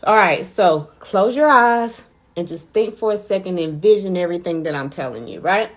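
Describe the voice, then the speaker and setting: A woman coach giving a chatty, energetic motivational live talk, hyping up her listeners. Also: on the low side, normal speed. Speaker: mindset coach.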